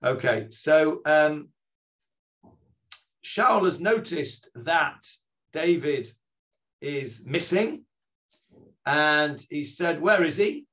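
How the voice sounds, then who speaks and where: A man's voice: on the high side, expressive, very slow, pauses often, fairly bright tone. A man leading an online Sunday morning scripture class over a video call, talking in a friendly, hesitant way with many fillers and restarts. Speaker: Bible teacher leading a class.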